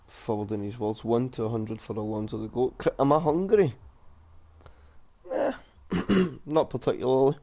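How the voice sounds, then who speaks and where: Speaking at a normal speed with frequent pauses, this man has a mid-range voice and a dark tone. He's casually commentating a sim racing league stream, joking around, reading out chat comments and calling the grid live.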